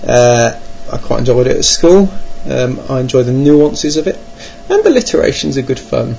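This English board game vlogger sounds animated, his mid-range voice gravelly yet a little mellow, at a moderate pace. He rambles about his gaming plans in a wry, self-mocking way, hesitating often with ums. The recording is lo-fi and dull, with slight noise.

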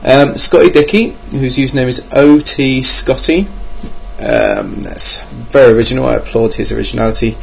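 Alone at his computer, a young podcast host rambles casually about board games, mocking himself and saying um a lot, recorded on a home computer mic with a little hiss or hum. He speaks at a normal speed in a mid-range voice with vocal fry and big pitch swings.

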